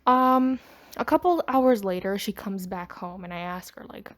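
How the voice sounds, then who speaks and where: A woman's voice: mid-range voice, normal speed. A woman hosting a podcast, telling a personal story in a rambling, chatty way. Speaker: podcast host. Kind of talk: casual storytime monologue.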